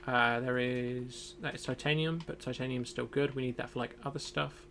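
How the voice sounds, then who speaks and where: This young streamer talks himself through a survival game casually, half-muttering his thoughts aloud. His medium-pitched voice is steady, creaky, and a bit bright at a moderate pace. There's a little hiss or hum.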